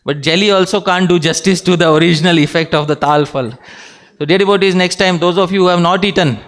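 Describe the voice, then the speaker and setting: A quick, somewhat bright, high-sitting male voice leads a devotional class on scripture. The speaker often puts questions to the listeners, repeats the affectionate phrase "dear devotees," and laughs lightly as he moves between points.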